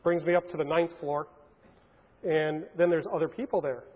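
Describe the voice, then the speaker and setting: High-voiced man telling stories in a reverberant hall. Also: normal speed. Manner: animated anecdotal storytelling with fillers. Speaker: keynote speaker. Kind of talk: storytelling keynote. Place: hotel conference hall. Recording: long reverb of a large hall.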